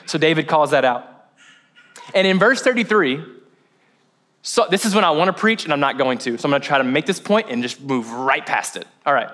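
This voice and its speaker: High-voiced man preaching casually. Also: fairly quick, fairly bright tone. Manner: casual and chatty, asks the congregation questions. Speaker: pastor. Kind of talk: conversational sermon. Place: church service.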